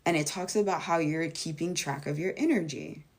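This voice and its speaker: Blunt, lower-pitched woman vlogging. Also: normal speed. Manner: emphatic and blunt, swears freely; acts out quoted voices with big jumps in pitch. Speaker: vlogger and life coach. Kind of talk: casual spoken monologue.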